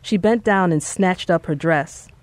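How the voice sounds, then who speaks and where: An audiobook narrator reading a story in a measured, steady way. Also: medium pitch, no echo. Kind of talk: scripted narration.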